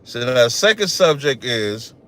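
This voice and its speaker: Male podcast host, naturally loud and cocky, trash-talks with a sharp, forceful edge and reads scripture aloud. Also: mid-range voice, big pitch swings, moderate pace. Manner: loud, boastful, trash-talking. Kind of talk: livestream commentary with scripture reading.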